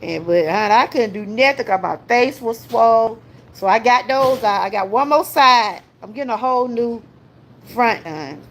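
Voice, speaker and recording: A woman's voice: a little high, lively intonation, moderate pace, slight background noise. An older woman, hosting a casual livestream, chatty and laughing often as she talks straight to her viewers. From Georgia, US. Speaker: livestream host.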